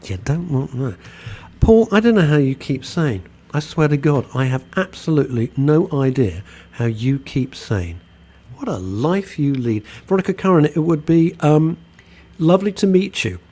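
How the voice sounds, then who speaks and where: A man's voice: fairly high pitch, lively intonation, normal speed. A man hosting a radio show, chatting casually and reading out listener messages. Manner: chatty, warm, reads messages aloud and reacts.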